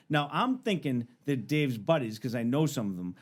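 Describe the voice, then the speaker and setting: A man's voice: medium pitch, fairly quick, hardly any pauses, darkish tone. A man in his thirties, a podcast guest, telling a story in casual chat, swearing freely and acting out both sides of phone calls.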